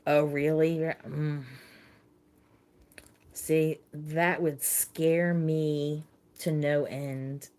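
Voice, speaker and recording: Middle-aged woman, livestream host; low-ish voice, very slow, halting and heartfelt. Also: little pitch movement, a little mellow, clear, resonant tone. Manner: halting, repeats words, emotional. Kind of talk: casual chat with live viewers.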